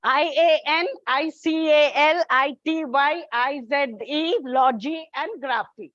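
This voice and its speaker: Woman English tutor, high voice, dry dull recording, slow and deliberate drilling. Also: fairly bright tone, no room sound. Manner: slow, deliberate, spells out word endings and repeats words. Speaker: English teacher. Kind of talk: classroom lesson on word stress.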